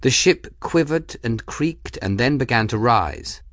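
A man narrating a fantasy audiobook in measured, even scripted narration. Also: mid-range voice, no room sound, clean studio sound.

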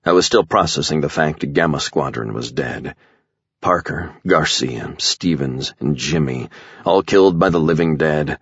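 A man giving a grim, measured first-person narration of an audiobook. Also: very deep voice, animated, vocal fry, a bit bright, breathy edge, no room sound, highs cut off.

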